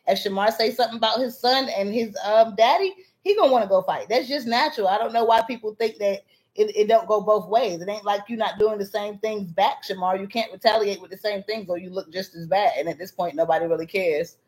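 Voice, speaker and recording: A woman hosting a casual livestream, chatting animatedly with her viewers and laughing often. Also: medium pitch. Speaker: livestream host.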